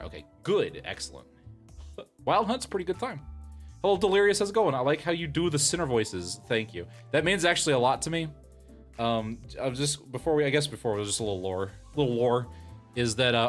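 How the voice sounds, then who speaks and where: A man's voice: medium pitch, fairly bright tone. Chatty, laughing male streamer. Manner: chatty, laughing, self-deprecating. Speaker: streamer and voice actor. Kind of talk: casual chat with a live stream audience.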